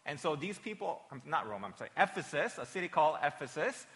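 Bright-voiced pastor in an echoing church. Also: male voice, a little high, sing-song, fast talker. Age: 40s. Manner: chatty, checks in with "right?" and "okay?". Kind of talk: children's sermon. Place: church sanctuary during a worship service. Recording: long reverb of a church hall.

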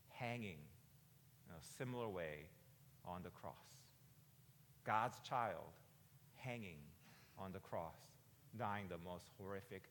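Male pastor, forties, lowish voice, chatty preaching that swells loud, long hall reverb. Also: a little hiss or hum. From United States. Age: 40s. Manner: conversational preaching, asking "right?" often, builds to loud emphatic peaks. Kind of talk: sermon.

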